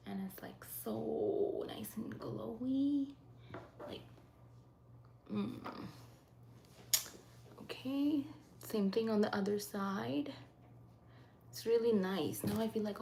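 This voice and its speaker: A woman hosting a live makeup stream, chatting casually and often dropping into soft half-whispers. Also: mid-range voice, slow pace, vocal fry, pauses often. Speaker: livestreaming makeup host. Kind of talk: casual live makeup chat, reading comments. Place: at home in Saskatchewan. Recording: faint background noise.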